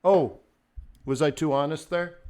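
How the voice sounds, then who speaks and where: A man hosting a live trading stream, talking off the cuff and swinging between near-shouted rants and quiet asides. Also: fairly high pitch, fairly even intonation, a little slow, clean tone. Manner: acts out traders' inner voices in quotes. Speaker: livestream host, forex trading coach.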